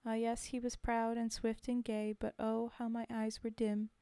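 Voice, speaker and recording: Speaking at a moderate pace in a slightly high, completely flat voice, a woman reads poems on her live stream. The sound is warm and clean with no room noise, coming from a desk mic, and she mixes in casual, self-mocking asides to the audience.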